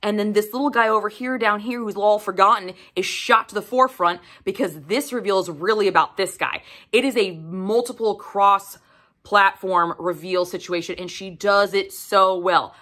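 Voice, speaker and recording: Woman, young adult, bright tone; casual book vlogger, blunt and profane, very animated delivery. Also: medium pitch, normal speed. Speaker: book reviewer. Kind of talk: casual book review vlog.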